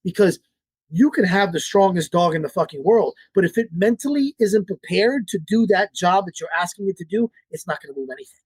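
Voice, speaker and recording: A man's voice: high voice, expressive, a little fast, slightly rough, no echo. A man, a dog trainer, talking casually and bluntly as an interview guest, swearing and repeating his points.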